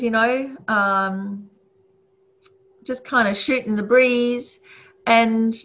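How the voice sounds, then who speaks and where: A woman's voice: on the high side, a bit bright. A woman giving a casual, thoughtful teaching talk, with fillers and chuckles. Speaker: speaker on ethics. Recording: muffled lo-fi recording.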